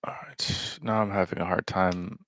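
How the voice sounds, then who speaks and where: Man, gravelly voice, dry close sound, deadpan, rambling livestream chat. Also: sits low, normal speed, no echo. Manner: deadpan, offhand, self-mocking. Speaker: livestream host. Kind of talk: casual rambling livestream commentary.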